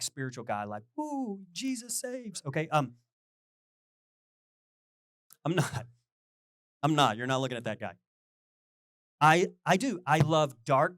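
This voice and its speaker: A pastor with a medium-pitched voice delivers a loose, chatty sermon in clean studio sound with no room echo. He is animated and jokey, sings bits, and keeps asking the congregation questions.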